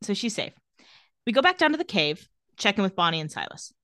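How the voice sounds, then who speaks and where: Animated woman recapping with sassy asides. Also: mid-range voice, fairly quick, no room sound, clean studio sound. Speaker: podcast co-host recapping a TV episode. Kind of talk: casual recap chat.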